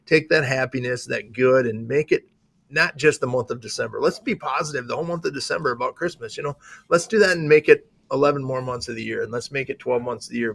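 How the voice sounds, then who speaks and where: A middle-aged man with an Upper Midwest accent and a gravelly edge, chatting as a sheriff co-host. He rambles cheerfully and restarts sentences as he goes. The sound is dry and close. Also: mid-range voice, fairly bright tone, dry recording. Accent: Upper Midwest American. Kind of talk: casual chat.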